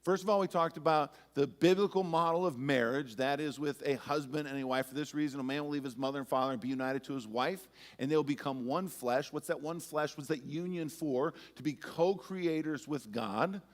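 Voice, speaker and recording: A man's voice: fairly high pitch, a little fast, few pauses. A male pastor giving a sermon in a conversational, storytelling way with touches of humor. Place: church sanctuary. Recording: church sanctuary with long reverb.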